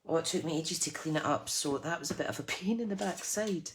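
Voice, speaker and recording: A woman's voice: low-pitched, brisk, hardly any pauses. A woman hosting a live crafting tutorial, chatty and self-deprecating, laughing often as she works. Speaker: craft channel host.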